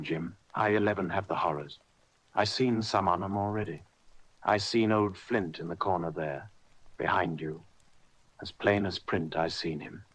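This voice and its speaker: A man voicing a sick old sea captain who talks in rough sailor slang, pleading and blustering by turns. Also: low-pitched, fairly bright tone, low-quality recording. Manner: gruff, wheedling sailor talk. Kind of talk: audiobook character reading.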